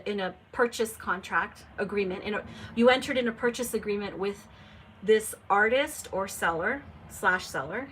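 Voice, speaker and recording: There's a little hiss or hum behind this young adult woman's mid-range voice as she hosts a casual live stream. Chatty and animated, she reads viewers' comments out loud.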